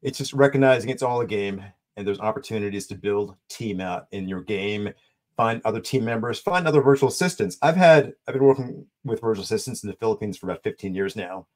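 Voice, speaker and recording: A man's voice: fairly low pitch, expressive, a little fast, a little mellow. A man hosting a podcast interview, cheering his guest on and asking long, rambling questions. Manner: enthusiastic, affirming, rambling questions. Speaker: podcast host.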